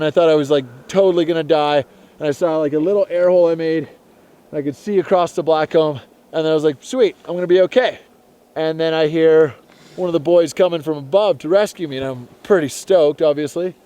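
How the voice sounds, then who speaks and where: A man's voice: on the high side, dark tone, smooth. A young man telling a story in casual slang on an outdoor vlog from a snowy mountain slope. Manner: casual, laid-back slang. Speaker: snowboarder.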